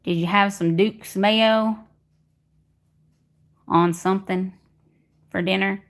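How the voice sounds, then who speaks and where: A woman's voice: mid-range voice, fairly even intonation, takes it slowly. A woman hosting a casual livestream from home, greeting viewers by name and reading their comments aloud. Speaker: livestream host reading chat. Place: home in Texas during a power outage.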